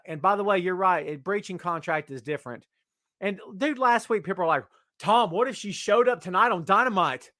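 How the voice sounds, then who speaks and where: A man hosting a casual live wrestling podcast, reading the chat and teasing viewers by name in an animated way. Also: fairly high pitch, dry recording, studio quality.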